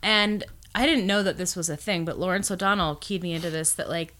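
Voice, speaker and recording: A woman co-hosting a casual political chat, animated and swearing freely, with lots of "like" fillers. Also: on the low side, brisk. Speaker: podcast co-host. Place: lives in Colorado.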